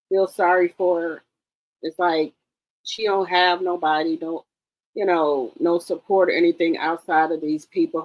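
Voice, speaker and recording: A woman hosts a casual gossip commentary, reacting to a clip with animated, opinionated remarks. Her voice sits a little low for a woman. She often breaks into exclamations. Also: low-quality recording. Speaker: commentary channel host.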